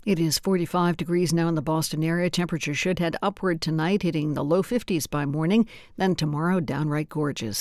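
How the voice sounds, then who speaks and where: Upbeat higher-voiced male station announcer. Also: a little mellow, dry recording, clean studio sound. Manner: upbeat, conversational pitch. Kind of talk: station announcements and pledge appeal.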